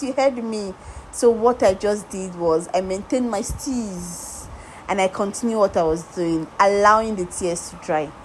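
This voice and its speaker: Woman makeup artist, tutorial voice-over: coaxing, repetitive, lots of "do you get?" asides, mid-pitched, faint room hum. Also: darkish tone, poor audio. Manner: emphatic, repeats words and asks viewers rhetorical questions; talks directly to viewers, coaxing and reassuring.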